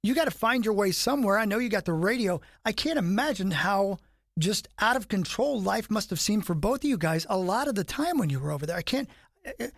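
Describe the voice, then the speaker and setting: A man hosting a podcast interview, animated and self-deprecating, his voice rising on questions. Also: high voice, fairly quick, no echo, clean studio sound. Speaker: host.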